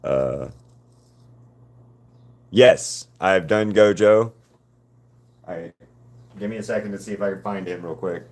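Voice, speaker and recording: Man, deep voice, laid-back rambling host of an art live stream. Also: normal speed, long pauses. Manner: relaxed, rambling, greets viewers by name. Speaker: artist live-streaming a painting session. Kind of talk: casual live-stream chat with viewers.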